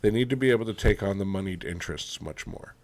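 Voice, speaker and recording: A man's voice: deep voice, quick pace, darkish tone. A Canadian man co-hosting a podcast in a casual, blunt and opinionated chat, swearing freely. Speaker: podcast co-host.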